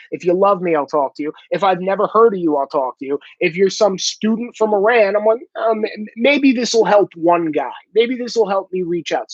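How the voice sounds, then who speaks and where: A blunt, high-pitched vlogger delivers a casual, profane monologue straight to camera, swearing freely and breaking into mocking impressions of others. His voice sounds dull and muffled in a dry, close recording without room echo.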